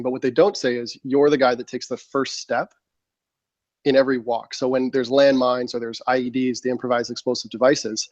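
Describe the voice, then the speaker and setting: A man in his thirties with a medium-pitched voice, a military veteran appearing as a podcast guest, spins a long story in casual conversation. He's an animated storyteller who acts out his own quotes and leans on plenty of fillers. The slightly muffled studio mic gives a dry sound.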